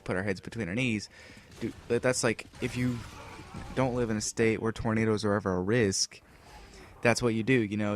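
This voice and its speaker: Rambling teenage boy telling a story. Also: mid-range voice. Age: teens. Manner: rambling, filler-heavy, with restarts and acted-out quotes. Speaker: gameplay commentator. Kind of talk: casual storytelling over gameplay.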